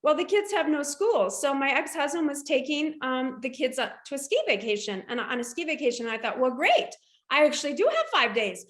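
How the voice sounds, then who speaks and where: A woman from the United States, an entrepreneur guest, telling her story in a casual, animated way and acting out quoted dialogue. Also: high voice, a little fast. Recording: echoey room.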